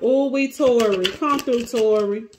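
Against a noisy background, a woman with a slightly high voice reads tarot at a measured pace. It's a casual, emotional reading, and she's close to tears. She talks dramatically to the cards and to the viewers.

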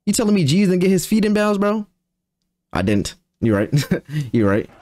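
A young man giving casual, excitable commentary while playing a video game, trash-talking and exclaiming as he plays. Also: sits high, normal speed. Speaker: gamer. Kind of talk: live gameplay commentary.

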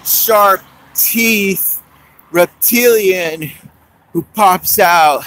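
Man, improvised stand-up, rambling, halting, very slow. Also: a little high, pushed and bright, poor audio.

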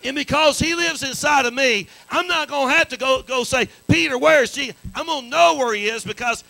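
High, bright-voiced preacher man. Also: fairly quick, creaky, low-quality recording. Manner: call-and-response preaching, repetitive restarts. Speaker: pastor. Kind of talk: sermon.

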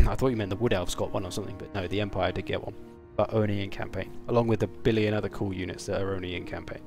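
A man's voice: lowish voice, fairly even intonation, quick pace, gravelly, music in the background. A man casually commenting on his game stream, chatting and swearing while answering viewers.

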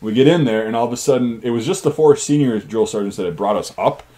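A man's voice: mid-range voice, fast talker, mellow. A man hosting his channel, casually telling army stories in a rambling, profane way. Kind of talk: casual storytelling.

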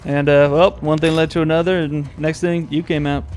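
A man with a fairly high voice, talking a little fast, co-hosts a casual let's-play gaming video. He tells absurd stories in a deadpan, joking way and laughs often. There's slight hiss or hum in the recording.

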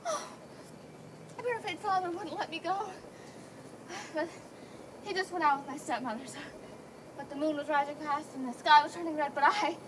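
An eager young would-be actress, dreamy and breathless, as a woman plays her on stage. Her voice is high and bright with quick shifts of feeling. Clear outdoor ambient noise hangs around the open-air recording. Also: close to an everyday voice. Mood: excited. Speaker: stage actor. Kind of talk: outdoor stage play performance.

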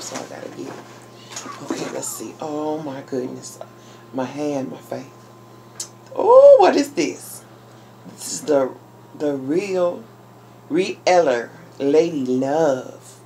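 A woman vlogger chatting casually while unboxing a package, talking excitedly to her viewers. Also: low voice, slight background noise. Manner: chatty and exclamatory, addressing viewers as y'all. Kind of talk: casual unboxing vlog chat.

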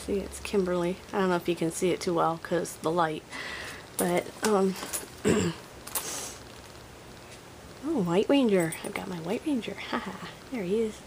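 Her voice is fairly low and creaky, with a measured pace and frequent pauses, as she nostalgically chats through her old toy collection at home. It's a casual show-and-tell where she thinks aloud, captured in a noisy home recording.

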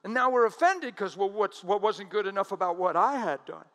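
Animated high-voiced male preacher. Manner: animated, drawn-out emphatic quotes. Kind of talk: sermon.

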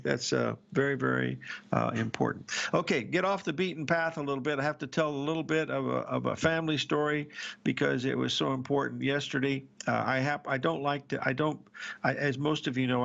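An older man with a deeply gravelly, crackling voice talks through market charts and stories at an easygoing, meandering pace. His delivery is muffled and lo-fi, like a dull broadcast feed. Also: fairly bright tone. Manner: rambling, repeats words, addresses listeners as folks. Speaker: trading show host. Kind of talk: casual market commentary and storytelling.

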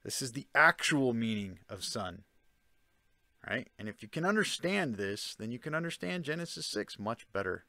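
A man's voice: medium pitch, sing-song, normal speed, sharp tone, no room sound. A man giving a casual spoken explanation, often checking in with the listener by asking "Okay?" and "Right?". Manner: conversational, with fillers and restarts. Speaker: self-taught commentator on ancient texts.

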